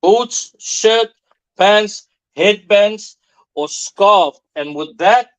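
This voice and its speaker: A man's voice: high voice, very slow, poor audio. A man making formal announcements and ceremonial call-outs to a religious class.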